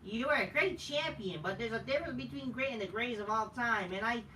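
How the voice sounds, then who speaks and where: A man's voice: very high-pitched, fairly quick, bright, forceful tone, slight background noise, pitched above the performer's own voice. A man doing an exaggerated, mocking impression of a brash, boastful woman wrestler in a sassy drawl. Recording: roomy echo, distant mic.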